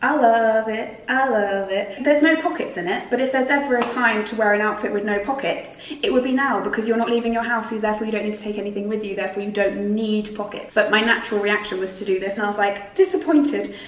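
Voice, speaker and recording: A woman's voice: mid-range voice, fairly even intonation, quick pace, hardly any pauses, far from the mic, slight background noise. A young British woman in her twenties chatting her way through a clothing try-on haul at home, bubbly and self-mocking. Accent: British English. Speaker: fashion vlogger. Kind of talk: casual try-on haul chat. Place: home room, seated by a sofa. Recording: echoey room, voice a little off-mic.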